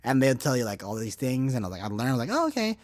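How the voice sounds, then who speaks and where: A man's voice: mid-range voice, quick pace, big-room sound. A man in his thirties hosting a podcast, telling loose, profane stories full of filler words. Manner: animated and profane, heavy filler words, laughing through stories. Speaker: podcast host. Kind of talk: casual storytelling chat.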